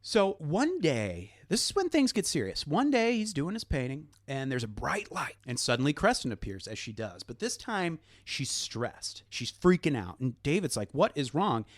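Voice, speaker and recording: A man co-hosting a podcast, telling a story in a casual, animated way with lots of fillers and swearing. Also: a little high, normal speed, hardly any pauses, no room sound, clean studio sound. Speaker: podcast co-host. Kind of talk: casual chat.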